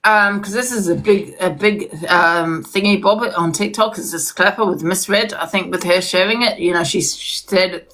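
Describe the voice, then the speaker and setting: A woman's voice: fairly low pitch, moderate pace, few pauses, fairly bright tone. A woman as an interview guest, talking in heated, emphatic casual chat and often repeating herself. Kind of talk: casual chat on a live stream.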